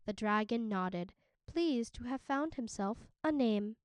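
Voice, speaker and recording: A woman teacher reading a children's novel aloud, with slow and deliberate narration into a close mic. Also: a little high, lively intonation, smooth, no room sound. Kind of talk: audiobook read-aloud narration.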